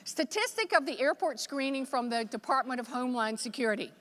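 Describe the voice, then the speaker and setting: A woman from Virginia delivers a motivational keynote, spinning folksy, joking stories. Her voice sits a little high and rings bright and forceful. The sound carries the long echo of a big conference hall. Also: animated, a little fast. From Virginia, USA. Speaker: motivational speaker.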